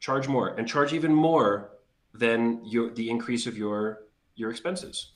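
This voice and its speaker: A man's voice: medium pitch, steady tone, measured pace, reverberant. A man co-hosting a livestream podcast, explaining his points plainly and reading viewer comments aloud. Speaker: podcast co-host. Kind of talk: casual livestream chat.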